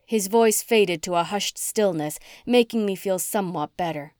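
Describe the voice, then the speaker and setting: A woman reading a first-person novel aloud as an audiobook narrator, with expressive, dramatic storytelling. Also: medium pitch, moderate pace, no room sound, studio quality.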